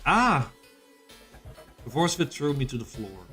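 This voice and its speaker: A man's voice: medium pitch, expressive, quick pace, faint music behind. A man streaming a visual novel, reading the narration aloud and reacting casually, with plenty of swearing.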